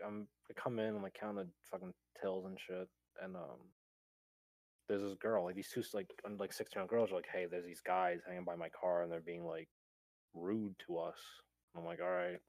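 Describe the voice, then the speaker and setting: Casual young male storyteller, lowish voice, cusses and laughs, dry close sound. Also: fairly even intonation, moderate pace, a little mellow, no room sound. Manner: swears a lot, laughs often, acts out quotes.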